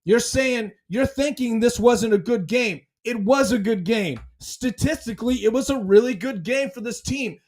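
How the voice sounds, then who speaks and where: High-voiced excitable man ranting about sports. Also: moderate pace, hardly any pauses. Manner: dramatic and excitable, repeats phrases. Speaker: sports podcast host. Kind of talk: excited fan podcast rant.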